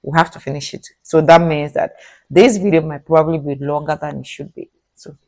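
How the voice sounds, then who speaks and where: A woman from Nigeria hosting a reaction video, chatting casually to her viewers and repeating herself when excited. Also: deep voice, fairly quick, poor audio.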